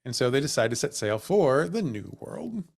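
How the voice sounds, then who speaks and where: A man co-hosting a comedy history podcast, telling the story casually with jokes, laughter and quick acted-out asides. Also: medium pitch, sing-song, gravelly. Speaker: podcast co-host.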